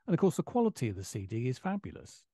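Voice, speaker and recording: Older male host, mellow tone, emphatic and chatty, dry close sound. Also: medium pitch, wildly swooping pitch, fast, no echo. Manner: chatty, emphatic, old-fashioned exclamations. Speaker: radio host. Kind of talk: casual radio interview.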